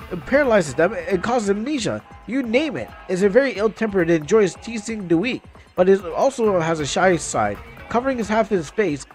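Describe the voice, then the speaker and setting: A young man streaming a game, chatting casually and reading game text aloud, often stumbling and restarting words. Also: high voice.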